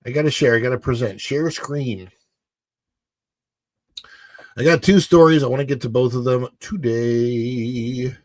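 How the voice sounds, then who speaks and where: Chatty and rambling, a livestream host reads news aloud to his viewers and drifts between stories. He speaks unhurriedly with long pauses, in a steady, medium-pitched, slightly mellow voice, with no room sound.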